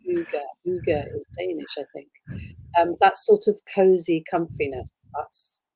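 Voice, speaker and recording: Middle-aged woman, lower register, dry close mic, warm gushing livestream chatter. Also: unhurried, gravelly, slightly rough, no room sound, rough recording. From Wales. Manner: warm, gushing, with many ums and soft trailing asides. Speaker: voice actress signing prints for fans. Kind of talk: casual livestream chat.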